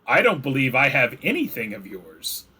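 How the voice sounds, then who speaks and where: Man doing a stern old dwarf, curt, dismissive, bright voice. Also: medium pitch, huge pitch swings, moderate pace, husky, exaggerated voice. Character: stern gray-bearded dwarf scribe, older man.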